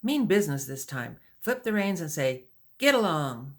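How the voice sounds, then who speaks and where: Give me a steady, patient wagon teamster man, read by a woman, a little gravelly, explaining things in an audiobook. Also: sits low, normal speed. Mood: instructive. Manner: patient, instructive. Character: male wagon teamster guiding pioneer women, patient and steady. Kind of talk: audiobook dialogue.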